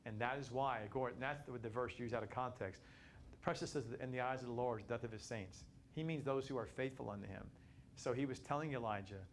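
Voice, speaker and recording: A man teaching a Bible study class, animated and repetitive, building to emphatic peaks. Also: mid-range voice, fast talker, slight background noise.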